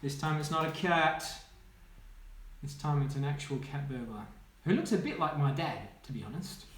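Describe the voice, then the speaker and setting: A man, a children's author, reading his own picture book aloud with playful, animated commentary and sound effects. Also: a little high, normal speed. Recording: echoey room, faint noise.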